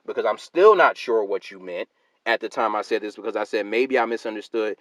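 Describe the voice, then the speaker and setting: A man's voice: lowish voice, a little fast, a bit bright, no echo, poor audio. Emphatic man ranting to his viewers. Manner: emphatic and argumentative, repeats points, calls listeners fam and sister. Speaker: YouTube channel host. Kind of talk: heated solo rant to camera.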